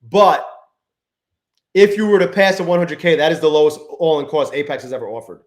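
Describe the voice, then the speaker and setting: High-voiced man cursing through a live stream. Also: brisk, echoey room. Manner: profane, exasperated, talks to chat; swings between muttering and loud outbursts. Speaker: livestream trading host. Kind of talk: live-stream chat while trading.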